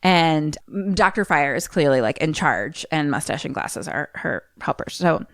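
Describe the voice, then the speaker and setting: Lower-voiced woman recapping a movie. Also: lively intonation, measured pace, a bit bright, dry recording, studio quality. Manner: retells scenes breathlessly, acts out character lines. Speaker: podcast co-host. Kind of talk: casual movie recap chat.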